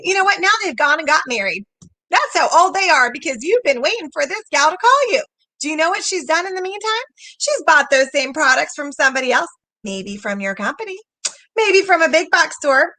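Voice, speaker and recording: A bright, high-pitched woman coaches her viewers live, her voice swooping up and down as she reads their comments and acts out quotes. The sound is dry and close, with no room around it. She talks with lively, emphatic energy. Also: no room sound. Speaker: sales coach hosting a livestream.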